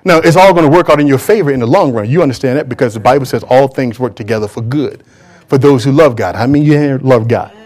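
A man's voice: mid-range voice, fast talker, darkish tone. A man preaching a sermon to a church congregation, emphatic and drawing call-and-response from the crowd. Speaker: pastor.

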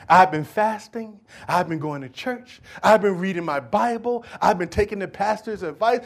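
A man preaching a sermon as pastor, building to loud, pleading calls and then dropping to quiet asides to the congregation. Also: a little high. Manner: preaching with rising shouted appeals and sudden drops to quiet asides.

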